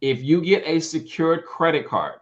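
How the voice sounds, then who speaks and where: A man co-hosting a casual podcast chat, talking conversationally with many fillers and quick agreements. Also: fairly high pitch, expressive, lo-fi sound. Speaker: podcast co-host.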